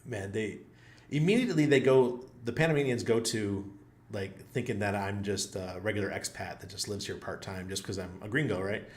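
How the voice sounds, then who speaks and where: A man's voice: lowish voice, moderate pace. A man hosting his own channel, rambling through a funny story in a casual, self-mocking way with frequent laughs. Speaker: channel host. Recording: roomy echo.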